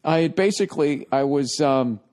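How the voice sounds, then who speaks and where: A man with a fairly high voice tells an anecdote on his podcast. He swears freely and keeps laughing through the telling. The sound is clean and close on a studio microphone. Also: normal speed, a little mellow. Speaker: podcast host. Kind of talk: casual storytelling.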